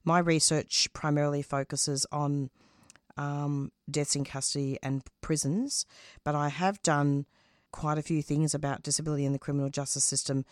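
A middle-aged woman talks as an interview guest with a low voice and a lot of feeling. She stops and restarts her sentences as she speaks. Her voice sounds dry and close, with no room sound. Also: darkish tone, no echo. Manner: passionate, halting, with frequent restarts. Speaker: radio show host as interview guest. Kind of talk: conversational interview.

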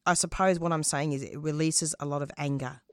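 Low-voiced passionate woman. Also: steady tone, no room sound, studio quality. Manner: passionate, halting, with frequent restarts. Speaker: radio show host as interview guest. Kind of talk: conversational interview.

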